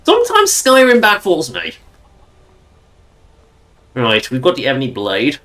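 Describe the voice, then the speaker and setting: A man's voice: on the high side, wildly swooping pitch, unhurried, pushed and bright. Rambling man commentating a game. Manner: rambling, chatty, with frequent restarts. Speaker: game streamer. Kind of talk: casual gameplay commentary.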